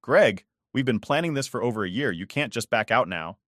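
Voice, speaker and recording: A man's voice: medium pitch, animated, a little fast, fairly bright tone, no room sound, studio quality, lightly acted. A man voicing a defensive, insistent middle-aged woman.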